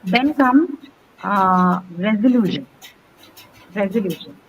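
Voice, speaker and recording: A woman's voice: mid-range voice, expressive, slow pace, slight background noise, low-quality recording. A woman teaching pronunciation in an online class, patient and step by step, repeating words and asking "okay?". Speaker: English teacher.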